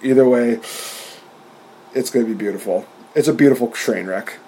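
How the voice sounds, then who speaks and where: A man co-hosting a wrestling podcast in casual chat, talking with animated energy, laughing often and acting out quotes in a raised voice. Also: mid-range voice, normal speed, slight background noise, poor audio. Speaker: podcast co-host.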